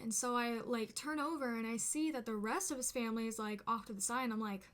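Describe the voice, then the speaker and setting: A chatty young woman tells a personal story straight to the camera in a loose, casual way. Her voice sits a little high, and she fills her sentences with "like" as she goes. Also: fast, hardly any pauses. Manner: chatty, animated, lots of "like" fillers. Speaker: vlogger.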